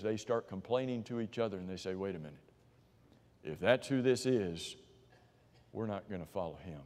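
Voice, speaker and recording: A man preaching a sermon, walking listeners through verses with rhetorical questions and sinking to a quiet voice for emphasis. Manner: drops to a low, quiet voice for emphasis. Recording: long reverb of a large hall.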